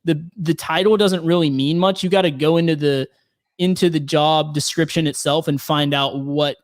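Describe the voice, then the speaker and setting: A man's voice: fairly high pitch, steady tone, normal speed, dry recording, clean studio sound. A man working as a penetration tester, chatting casually as a guest and explaining his job with many fillers and restarts. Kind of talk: casual podcast conversation.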